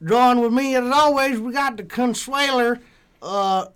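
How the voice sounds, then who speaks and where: A man's voice: very high-pitched, measured pace, a bit bright, clean tone. A man opening a casual podcast episode, talking in a put-on drawling country voice. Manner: puts on a drawling country voice for his intro. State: recovering from a chest infection. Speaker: podcast host.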